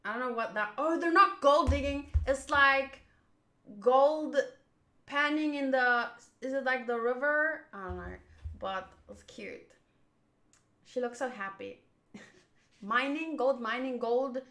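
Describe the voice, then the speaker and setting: Give me a slow-talking woman reading manga aloud and chatting, in a roomy echo. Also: high voice, bright, forceful tone. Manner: chatty, laughs and muses aloud. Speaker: manga readthrough host. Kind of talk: casual reading and chat.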